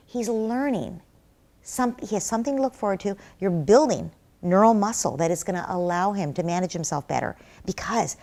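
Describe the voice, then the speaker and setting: A woman's voice: medium pitch, normal speed, warm tone. A woman speaks as a guest expert in an interview, earnest and explanatory. She lays out her advice step by step, slipping into short acted-out exchanges with a child. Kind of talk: interview answer.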